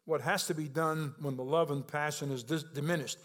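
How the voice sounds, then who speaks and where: A man preaching a sermon in a conversational way, asking the congregation questions and rising in pitch and volume when he stresses a point. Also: steady tone, fairly quick, fairly bright tone. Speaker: pastor.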